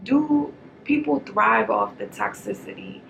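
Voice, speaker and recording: Chatty woman with a gravelly voice. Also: medium pitch, a little slow, slight background noise, poor audio. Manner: chatty, rambling, animated. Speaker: movie reviewer. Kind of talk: casual movie review chat.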